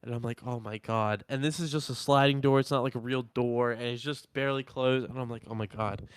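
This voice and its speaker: Young man with a smooth, clear voice. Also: medium pitch, fast talker, no room sound. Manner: animated, acts out quotes of himself and others. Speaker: podcast co-host. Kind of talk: casual storytelling chat.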